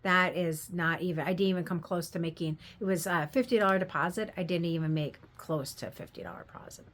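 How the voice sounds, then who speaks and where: A woman's voice: lowish voice, a little fast, fairly bright tone. An older woman telling a candid, rambling story in a casual vlog, laughing at her own mishaps. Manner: rambling, candid, self-deprecating, laughs while telling stories. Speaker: craft vendor vlogger.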